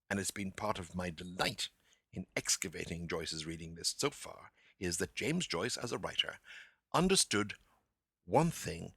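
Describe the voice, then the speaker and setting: Lively, gravelly-voiced man hosting a literature podcast. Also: sits low, no echo. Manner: animated, theatrical, playful asides to the listener. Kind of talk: literary lecture podcast with readings.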